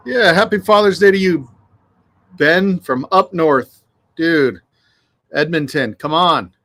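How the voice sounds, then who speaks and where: A man's voice: on the high side, slow pace, a bit bright. Laid-back man hosting outdoors. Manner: laid-back, swears freely, greets viewers by name. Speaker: livestream host. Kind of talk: casual livestream chat. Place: outdoors on a windy afternoon.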